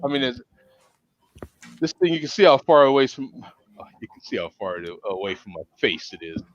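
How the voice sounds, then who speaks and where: A man hosting a casual video-call beer chat, jokey and laughing often, with halting restarts. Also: medium pitch, big pitch swings, slight background noise. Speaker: host. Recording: muffled lo-fi call audio.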